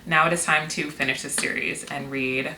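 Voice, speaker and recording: Woman in her thirties, low bright voice, chatty and candid, camera mic in an echoey room. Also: fairly even intonation, normal speed. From Seattle. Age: 30s. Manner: chatty, candid, swears and laughs easily. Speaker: vlogger. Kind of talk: casual vlog chat. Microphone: camera mic, external mic not used. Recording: echoey room with faint noise.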